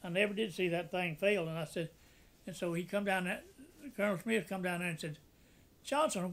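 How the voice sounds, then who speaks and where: A man's voice: sits high, steady tone, fairly quick, vocal fry, a bit bright. An older man, a war veteran, telling wartime stories in a folksy way and acting out the voices of the people in them. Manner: folksy, acts out quoted voices, laughs at own jokes. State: tearful at times. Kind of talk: oral history storytelling.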